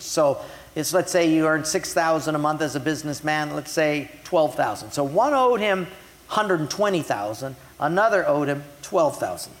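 A pastor preaching a sermon, retelling scripture in everyday words and slowing down to stress key points. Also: male voice, a little high, big-room sound. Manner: retells scripture in a casual way, slows down for emphasis.

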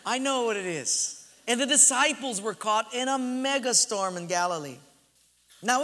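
Pastor guy, high bright voice, telling a sermon story, big hall echo. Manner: animated, acts out shouts and laughs. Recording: reverberant hall.

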